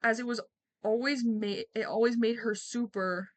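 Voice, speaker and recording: A young woman reads a story aloud in a relaxed streaming session. She often stops to ramble and giggle through side comments. Her delivery is loose, casual and conversational. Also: fairly high pitch, moderate pace. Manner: chatty, giggly, rambling asides. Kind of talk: casual reading aloud with asides.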